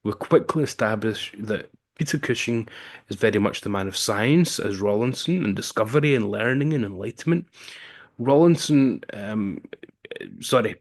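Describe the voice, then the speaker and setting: A man's voice: on the low side, expressive, normal speed. A man casually recapping a film's plot as a reviewer, with wry asides and frequent um fillers. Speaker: film reviewer.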